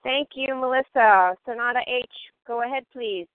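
A briskly polite woman chairs the meeting, her voice a little higher than most. It sounds dry and narrow, like a phone line. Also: no echo. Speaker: meeting leader. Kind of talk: calling on speakers.

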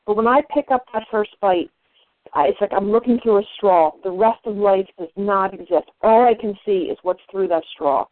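A woman's voice: mid-range voice, normal speed. A woman sharing her own story at a recovery meeting, candid and confessional. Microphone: phone call. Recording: phone-line audio.

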